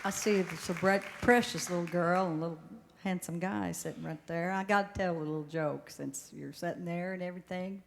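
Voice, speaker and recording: A woman's voice: on the low side, fairly even intonation, fairly quick, vocal fry, long reverb tail, some chatter behind, a little hiss or hum. An older woman hosting a live stage show, telling homespun jokes in a chatty, folksy way on a stage microphone. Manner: chatty and homespun, with small restarts. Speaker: show host.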